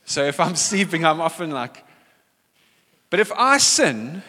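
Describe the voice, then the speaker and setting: Animated pastor preaching in an echoing hall. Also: male voice, fairly high pitch, measured pace. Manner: animated, acts out quoted voices. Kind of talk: sermon. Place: church hall.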